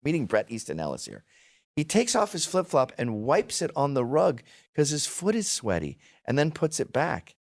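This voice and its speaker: A middle-aged man talking in a casual chat, his pitch swinging high and low as he tells stories. He is blunt and profane, laughs at his own jokes and drops into mimicked voices of old men. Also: wildly swooping pitch, moderate pace, gravelly. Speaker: guest.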